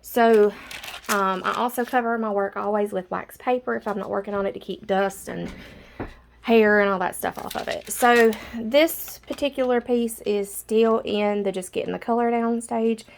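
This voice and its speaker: Woman chatting about her art supplies, kinda breathless, lots of ums, gravelly voice, faint hiss behind. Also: mid-range voice, steady tone, normal speed. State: a little out of breath. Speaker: artist showing her drawing supplies. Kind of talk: casual show-and-tell vlog.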